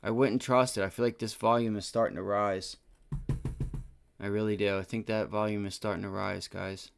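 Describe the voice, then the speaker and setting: A man's voice: fairly low pitch, little pitch movement, moderate pace, vocal fry, over music. A man hosting a live day trading stream, thinking aloud over charts and cursing when trades go wrong, with an aching back. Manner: profane, frustrated outbursts. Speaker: day trading livestream host.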